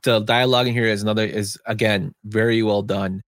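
A man's voice: lowish voice, fairly even intonation, a little fast, a bit bright, no room sound, studio quality. A man co-hosting a podcast, chatting about films in a loose, rambling way and reading out film facts. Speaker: podcast co-host. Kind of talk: casual film chat.

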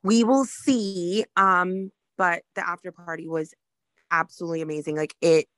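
Easygoing woman podcast cohost, lowish voice, dry close sound. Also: normal speed, no echo. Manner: relaxed, easygoing. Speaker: podcast co-host. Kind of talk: casual podcast chat.

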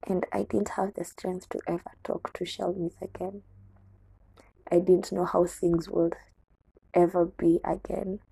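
A woman's voice: on the low side, level tone, a little slow, creaky, warm tone, slightly rough, no room sound, low-quality recording. A young adult woman with a Kenyan accent candidly tells a personal story on her show, slipping into Swahili words. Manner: candid, code-switching into Swahili.

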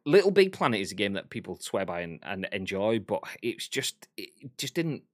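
A man's voice: fairly low pitch, sing-song, moderate pace, dry recording, studio quality. A young man co-hosting a casual gaming podcast, joking, laughing often and swearing casually. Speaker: podcast co-host. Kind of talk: casual chat.

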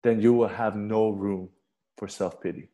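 A man's voice: on the low side, steady tone, normal speed, warm tone, muffled recording. A young man preaching a sermon and telling a personal story in a casual, conversational way, often repeating words as he starts a sentence. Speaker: pastor.

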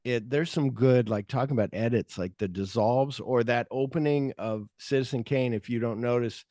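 A man of middling pitch hosts a movie podcast, talking in a loose, meandering way and leaning on filler words as his thoughts wander. The mic sound is close and dry, with no room around it. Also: moderate pace, dark tone, no echo. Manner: rambling, loose, heavy on fillers. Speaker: podcast host. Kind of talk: casual film chat.

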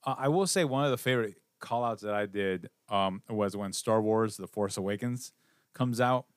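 A man co-hosting a podcast, chatting casually and rambling about movies, with a relaxed, wry sense of humor. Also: lowish voice, moderate pace, smooth, no echo, clean studio sound. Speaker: podcast co-host.

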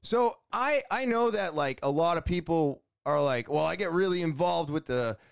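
A man's voice: on the high side, expressive, normal speed, vocal fry, clean tone, no echo, studio quality. A man hosting a podcast, telling a rambling, self-deprecating story and acting out the voices of people in it. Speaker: podcast host. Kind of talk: casual storytelling monologue.

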